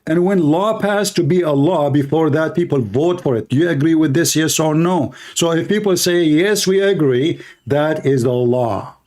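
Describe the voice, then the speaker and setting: A man's voice: on the high side, moderate pace, few pauses, darkish tone. A man streaming live commentary, taunting and insulting his opponents in broken English. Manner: taunting, insulting, non-native grammar. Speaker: online debate streamer.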